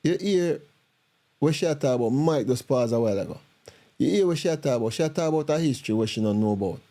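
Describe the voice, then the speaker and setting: A man with a thick Jamaican accent hosts a reaction video, his voice mellow and dark-toned. He talks in animated patois, repeats himself and restarts his sentences as he chimes in on the clips. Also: medium pitch, fast. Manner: animated, repetitive, patois-heavy talk with restarts. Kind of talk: casual commentary.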